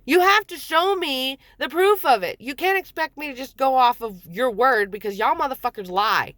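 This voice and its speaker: A woman in her forties tells her own story in a blunt, heated rush, swearing freely and acting out what others said to her. Her voice sits a little high. The recording is close and dry, with no room sound. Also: moderate pace, fairly bright tone, no echo. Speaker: mother telling her story. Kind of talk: angry personal storytelling.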